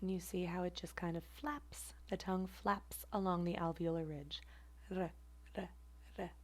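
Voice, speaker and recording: A woman teaching a phonetics class, repeating example words slowly and carefully. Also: on the low side, fairly even intonation. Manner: careful, deliberate word repetition. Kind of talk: slow online pronunciation lesson.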